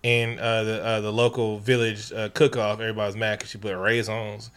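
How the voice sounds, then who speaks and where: A man's voice: on the low side, level tone, brisk, a bit bright, clear, resonant tone. A man co-hosting a podcast, retelling a movie as comedy, laughing often and acting out the characters in slangy voices. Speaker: podcast co-host. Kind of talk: casual comedic movie recap.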